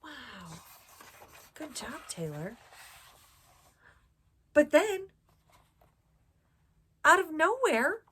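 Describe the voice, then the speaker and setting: A woman hosting a children's storytime, reading a picture book slowly and expressively and asking the children questions. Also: high-pitched, huge pitch swings, a bit bright. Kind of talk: read-aloud storytelling for children.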